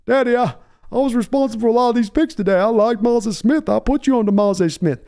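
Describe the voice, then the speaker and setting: A man putting on the voice of a meek, soft-spoken grown son who whines to his father. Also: very high voice, fast talker, clean tone, voice pushed up. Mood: whiny. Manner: whiny, pleading.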